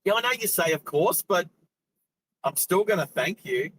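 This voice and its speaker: A man's voice: high voice, lively intonation, normal speed, a bit bright, slight background noise, rough recording. A middle-aged Australian man hosting a live driving stream, chatting casually and rambling, laughing often. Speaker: host. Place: inside a car.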